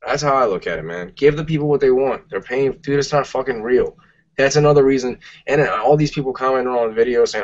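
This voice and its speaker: A man's voice: mid-range voice, fast talker. A man, co-hosting a casual podcast, ranting emphatically and swearing a lot. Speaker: podcast co-host. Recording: muffled lo-fi podcast audio.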